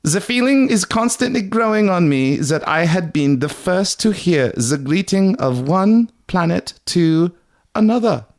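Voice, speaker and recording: Man doing a high, loud, vaguely Scottish inventor, earnest and sure of himself, slow delivery. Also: expressive. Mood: earnest, grand. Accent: vague, shifting Scottish. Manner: louder than his normal voice, slow and declaiming. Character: earnest turn-of-century male inventor, grandly certain.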